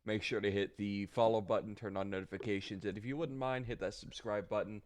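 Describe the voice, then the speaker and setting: A man's voice: fairly low pitch, fairly even intonation, a little fast, crowd noise. A man hosting a casual podcast, laughing often and wrapping up with a sign-off to listeners. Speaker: podcast host.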